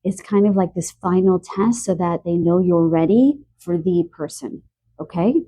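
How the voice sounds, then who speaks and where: A woman gives a spoken tarot reading, sounding a little stuffy from allergies and clearing her throat now and then. Her voice is fairly low-pitched at a normal speed, and she talks softly and earnestly, growing emotional about animals.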